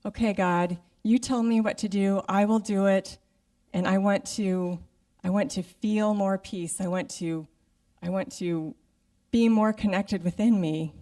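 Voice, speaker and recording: Mellow-voiced middle-aged woman preaching. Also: medium pitch, fairly even intonation, measured pace, recorded from a distance. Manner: conversational, acts out her own inner voice. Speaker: guest speaker. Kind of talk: sermon. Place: church sanctuary.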